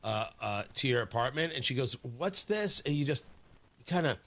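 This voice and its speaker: A man hosting a morning radio show, bantering in a playful, teasing way and hamming up a mock sales pitch. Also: brisk, a bit bright.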